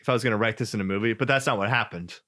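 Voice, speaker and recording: A man co-hosting a casual podcast chat, telling a story in an animated way and acting out quoted voices. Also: fairly low pitch, rapid-fire. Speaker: podcast co-host.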